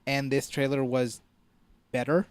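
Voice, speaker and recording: A man's voice: medium pitch, flat delivery, measured pace, clean tone, no room sound. A man co-hosting a casual movie podcast, talking earnestly about what he likes. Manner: earnest, enthusiastic. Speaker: podcast co-host. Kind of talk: casual chat.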